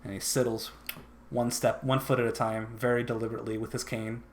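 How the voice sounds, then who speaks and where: A man's voice: medium pitch, level tone, a little fast. A man narrating a tabletop game as dungeon master, descriptive and loose, with faint noise behind. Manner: descriptive, with filler and restarts.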